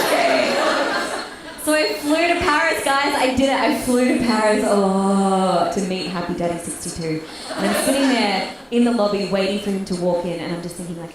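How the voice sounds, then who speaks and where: A young Australian woman with an Australian accent, performing a brash, animated stand-up set and acting out quotes. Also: medium pitch, normal speed, background noise. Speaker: stand-up comedian. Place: comedy club stage. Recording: echoey room heard from far off. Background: audience laughter.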